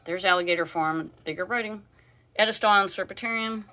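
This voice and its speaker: Bright-voiced chatty woman vlogger. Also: medium pitch, brisk. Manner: chatty and rambling, with many fillers and asides to her parrot. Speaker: vlogger hosting a live stream. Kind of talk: casual live show-and-tell.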